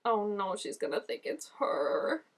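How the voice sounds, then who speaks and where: A woman giving casual reaction commentary on a TV episode. She gushes and chats, fills her talk with "like" and "oh my gosh", and jumps up in pitch when excited. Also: measured pace, slightly rough. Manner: gushing and chatty, full of "like" and "oh my gosh". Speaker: show reaction vlogger.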